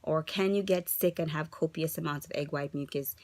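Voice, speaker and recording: A woman's voice: sits low, a little fast, darkish tone, no echo. A woman in her thirties vlogging an upset, rambling update, asking frustrated rhetorical questions while holding herself together. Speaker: vlogger sharing a fertility journey update. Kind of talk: casual confessional vlog.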